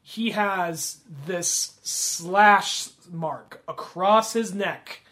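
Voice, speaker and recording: A man's voice: sits high, very slow, a bit bright. A man co-hosting a podcast, casually retelling movie scenes and acting out the characters' lines. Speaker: podcast co-host. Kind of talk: casual film discussion.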